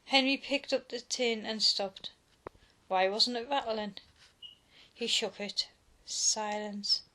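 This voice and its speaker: A woman reading a children's storybook aloud in an expressive narrating voice. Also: a little high, slow.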